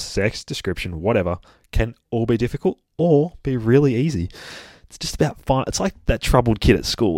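Low-voiced Australian man, dry sound. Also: a little mellow, no echo. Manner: rambling and good-humoured, chatting to his dogs between points. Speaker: podcast host and dog trainer. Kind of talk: casual podcast chat.

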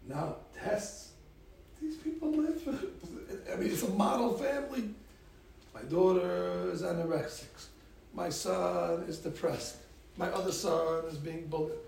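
A rabbi tells stories to a group of girls, acting out each person he quotes. His voice is a little high and gravelly. The sound comes from a distant mic in a very echoey room with faint background noise. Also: measured pace. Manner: animated storyteller acting out the people he quotes. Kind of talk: storytelling talk to a group of girls.

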